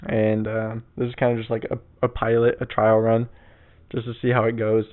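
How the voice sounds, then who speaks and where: A man's voice: on the low side, completely flat delivery, moderate pace. A young man hosting a casual solo podcast from his bedroom on an old mic, rambling, crude and laid-back. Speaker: podcast host. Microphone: old mic on a stand. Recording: tinny phone-like sound.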